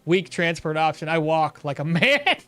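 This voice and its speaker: A young man streaming a survival game, chatting loosely and telling a profane story with sudden loud outbursts. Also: a little high, sing-song, moderate pace, clear, resonant tone, dry recording, soft background music. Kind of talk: casual gameplay commentary.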